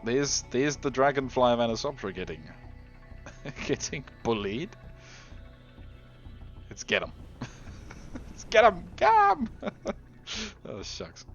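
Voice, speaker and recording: A man giving casual gameplay commentary, chatty and giggly, often trailing off into quiet mutters. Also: on the low side, lo-fi sound. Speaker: game video host.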